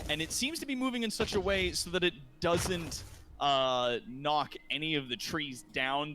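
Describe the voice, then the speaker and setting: A man's voice: mid-range voice, bright, forceful tone. A man running a tabletop game as game master, narrating in rambling sentences full of fillers.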